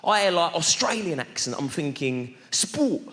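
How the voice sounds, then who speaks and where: In a large, echoey theatre packed with a loud, laughing crowd, a stand-up comedian from London does brash, mock-welcoming crowd work. His voice is fairly high, with big pitch swings and a measured pace.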